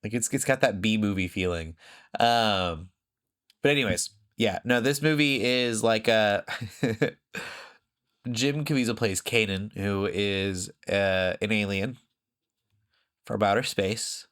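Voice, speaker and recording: A man with a fairly low voice talks in loose, casual podcast chat. He rambles, fills gaps with plenty of ums and likes, and laughs often as he goes. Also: slow, long pauses, fairly bright tone, clear, resonant tone. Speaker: podcast co-host.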